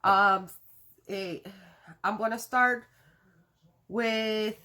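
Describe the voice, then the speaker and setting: A woman's voice: mid-range voice, steady tone, very slow, pushed and bright. Chatty woman giving a tarot reading. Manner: chatty, laughs often, swears casually. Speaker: tarot reader. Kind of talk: casual tarot reading to camera.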